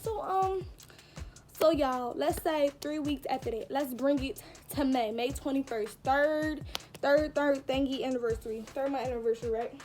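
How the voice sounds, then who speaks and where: A young adult woman vlogger telling a story to camera in a casual, animated and self-mocking way, talking straight to her viewers. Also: high-pitched, moderate pace, faint music behind.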